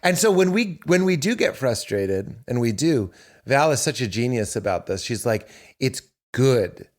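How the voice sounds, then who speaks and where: A man's voice: mid-range voice, normal speed. A man, a comedian chatting as a guest on a podcast and acting out quotes as he tells stories. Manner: animated storytelling with acted-out quotes. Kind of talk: casual podcast conversation.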